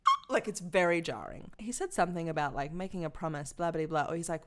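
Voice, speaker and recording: A woman co-hosting a book club podcast, chatting casually, swearing freely and telling animated stories. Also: fairly low pitch, fast talker. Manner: swears freely, animated storytelling, reads passages aloud. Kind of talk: casual chat.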